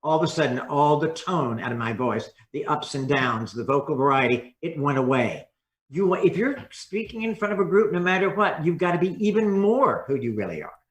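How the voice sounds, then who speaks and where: A man speaking as a communication coach in a podcast interview, expressive and acting out different tones of voice. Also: a little high, moderate pace, reverberant.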